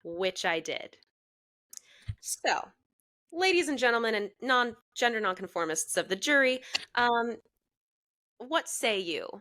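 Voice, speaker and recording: A young adult woman co-hosting a podcast, telling a personal story in a frank, animated way, swearing freely and laughing as she goes. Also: fairly high pitch, slow, long pauses. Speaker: podcast co-host. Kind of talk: casual storytelling chat.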